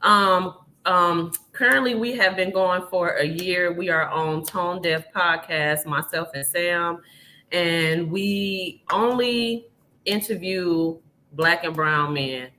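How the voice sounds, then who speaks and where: A woman's voice: lowish voice, slow, bright, forceful tone. A woman guest on a live video-call podcast, speaking in a cheerful, affirming way. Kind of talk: casual podcast chat.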